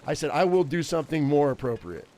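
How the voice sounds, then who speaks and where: A man's voice: fairly high pitch, animated, fast talker, a little mellow. A man in his fifties, a game streamer telling a rambling personal story in casual chat. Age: 50s. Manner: rambling, chatty anecdote-teller.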